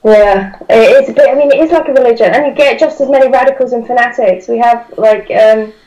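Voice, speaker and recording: A young woman with a British accent talks in a blunt, emphatic way. Her voice sits a little high with a mellow tone. The audio is dull and lo-fi. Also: a little fast. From United Kingdom. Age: young adult. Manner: blunt and emphatic, swears casually. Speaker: guest commentator. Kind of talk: casual political chat.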